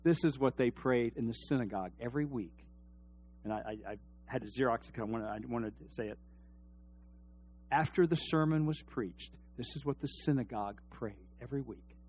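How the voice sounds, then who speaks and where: A man preaching a sermon, dropping to a near hush and then rising to loud, emphatic shouts, and putting questions to his congregation. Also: mid-range voice, moderate pace, slight background noise. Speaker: pastor.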